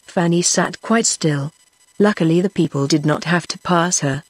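Woman, British accent, audiobook narration, slightly breathy, dry close sound. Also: fairly low pitch, moderate pace, no echo. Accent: British English.

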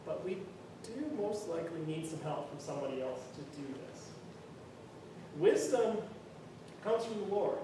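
A man's voice: on the high side, expressive, a little slow, long pauses. A man preaching a sermon in a conversational, earnest way, often restarting and saying "you know", in a church. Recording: very echoey room, far from mic, faint noise.

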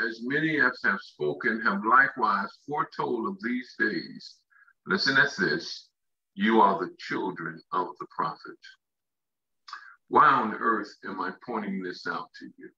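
A man preaching a sermon, reading scripture slowly and then pressing each point with rising emphasis and questions to the listeners. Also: lowish voice, sharp tone, highs cut off. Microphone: online broadcast of a church conference session.

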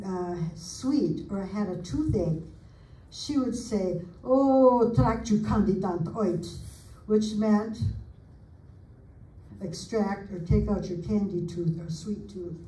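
An older woman from the United States reading family recollections aloud in an unhurried, homely way, adding small asides as she goes. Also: mid-range voice, warm tone. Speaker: family historian presenter. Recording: roomy sound from a distant mic.

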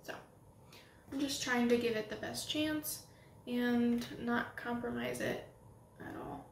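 A young woman doing a casual makeup tutorial at home, gushing and excitable as she talks while applying makeup. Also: on the high side, slow pace, gravelly, a little hiss or hum. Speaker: beauty vlogger. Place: home room with setting sunlight. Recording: roomy home recording with faint ambience.

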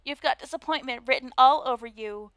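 A woman's voice: sits high, fairly quick, a bit bright, clean tone, no echo. A woman voicing a snobbish young noblewoman, a mean girl with a put-on Valley Girl accent. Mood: sneering. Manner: sneering, drawling.

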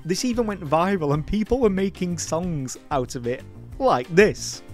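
A man's voice: high-pitched, lively intonation, normal speed, loud music behind the voice. A man hosting a comedic film review, sardonic, mocking and sweary.

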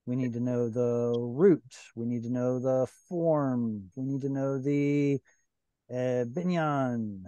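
A man's voice: mid-range voice, slow pace, warm tone, clean tone, no room sound, lo-fi sound. A man teaching a Hebrew class over a video call, patiently explaining grammar step by step.

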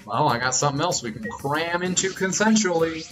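A man's voice: on the high side, brisk, few pauses. A man giving jokey, crude live commentary while streaming a video game. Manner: jokey, crude, animated reactions. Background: game music.

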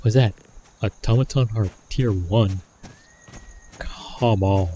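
A man's voice: lowish voice, slow, mellow, slight background noise. A man giving casual running commentary while playing a survival game, talking himself through his choices. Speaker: gameplay commentator.

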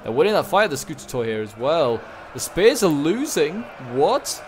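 A man giving casual, excitable play-by-play commentary on a strategy game battle, rambling with lots of fillers. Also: fairly high pitch, normal speed, soft background music. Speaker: gaming channel host.

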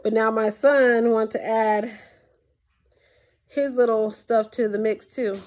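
A woman's voice: fairly high pitch, fairly even intonation, slow, darkish tone, slight background noise. Chatty exasperated woman vlogging at home. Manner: chatty and exasperated, addresses viewers as y'all. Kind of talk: casual chat to camera. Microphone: tablet built-in mic.

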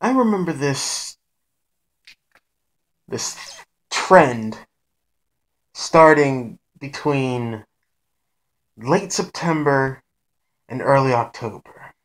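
A man narrating a mock news report, moving from an ominous build-up to lively storytelling. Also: mid-range voice, drawn-out words, pauses often. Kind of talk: scripted mock documentary narration.

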